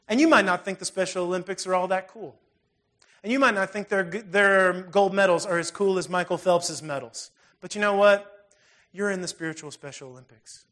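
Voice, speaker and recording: A man with a notably high voice preaches a sermon in an easygoing, conversational manner. He talks plainly and earnestly, like a pastor speaking straight to his congregation. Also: brisk, fairly bright tone.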